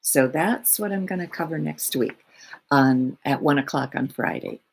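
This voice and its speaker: A woman who works as a spiritual healer, giving her weekly talk in an unhurried, rambling way with many fillers. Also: low-pitched, vocal fry.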